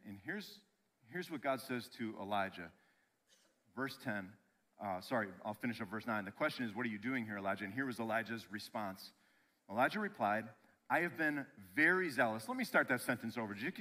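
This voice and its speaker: A male pastor preaching a sermon in an animated, conversational way, often checking in with "right?" and restarting his phrases. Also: medium pitch, a little fast.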